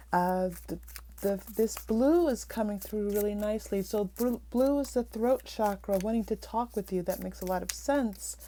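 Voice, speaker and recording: A woman with a stuffy, nasal voice from a cold, giving a gentle, reassuring pick-a-card tarot reading. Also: mid-range voice, normal speed, a little hiss or hum. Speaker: tarot reader.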